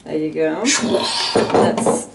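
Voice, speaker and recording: A woman's voice: sits low, little pitch movement, vocal fry, heavy background noise. Chatty woman hosting a home cooking demo. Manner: chatty, brisk instructions. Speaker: cooking show host. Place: home kitchen. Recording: roomy kitchen, mic at a distance.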